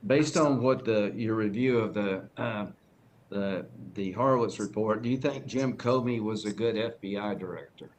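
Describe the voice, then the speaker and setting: Man, lowish voice, pointed hearing questions, faint background hiss. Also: normal speed, darkish tone. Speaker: senator questioning a witness.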